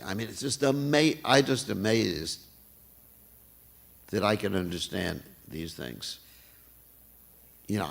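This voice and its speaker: An older man giving a morning temple class, talking in an animated way and laughing often. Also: deep voice, creaky, slightly rough. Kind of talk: sermon. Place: temple hall.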